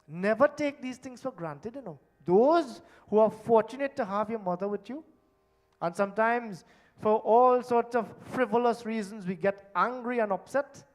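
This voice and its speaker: A man preaching a sermon at a temple, stressing words strongly and dropping to hushed, low phrase endings. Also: lively intonation, normal speed. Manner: emphatic, swinging between loud stresses and hushed low endings. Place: temple hall.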